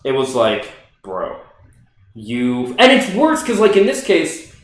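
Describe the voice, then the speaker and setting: A young man co-hosting a podcast, telling a story in casual chat with lots of swearing and animated excitement. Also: high-pitched, moderate pace. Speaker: podcast co-host. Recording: echoey room.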